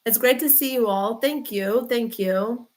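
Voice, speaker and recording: A woman's voice: fairly high pitch, measured pace. Chatty woman on a livestream. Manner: chatty, rambling, answers viewers by name. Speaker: chiropractor hosting a livestream. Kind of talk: casual livestream chat reading comments.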